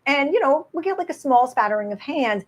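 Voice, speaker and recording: Woman in her sixties, author guest, lively storytelling, acts out dialogue, a bit high-pitched. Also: a little fast. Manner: animated storyteller, acting out quoted exchanges with laughter. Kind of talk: conversational interview at a live author event.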